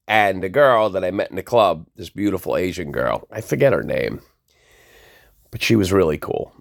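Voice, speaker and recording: Deep gravelly New storyteller man. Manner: animated anecdote, acts out quoted voices. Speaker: DJ telling a personal story. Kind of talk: casual storytelling.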